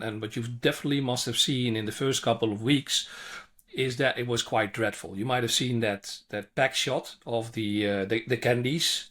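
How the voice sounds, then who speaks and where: A man, a China expert answering interview questions in animated, conversational English full of restarts. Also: mid-range voice. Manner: animated, frequent restarts and repeated words.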